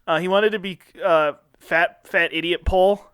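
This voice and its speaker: A man's voice: high voice, steady tone, unhurried, a bit bright, smooth, no echo, studio quality. Man playing a mock-earnest comedy podcaster. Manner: mock-earnest, laughs often. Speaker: podcast co-host. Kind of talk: satirical comedy podcast banter.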